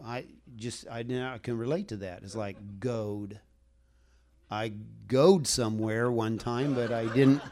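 A man's voice: medium pitch, fairly even intonation, a little slow, a little mellow. A man preaching a sermon to a congregation in a folksy, rambling way, chuckling as he talks and asking the room for a show of hands.

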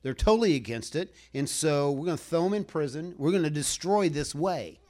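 A man's voice: on the high side, lively intonation, fairly quick, darkish tone. A man preaching a sermon to a congregation in a folksy, rambling way, chuckling as he talks and asking the room for a show of hands.

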